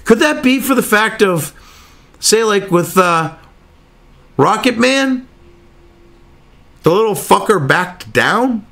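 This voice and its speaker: A man's voice: sits high, sing-song, slow, vocal fry, pauses often, fairly bright tone. A man reading news articles aloud and cutting in with angry, profane, sarcastic rants, as host of his own commentary show.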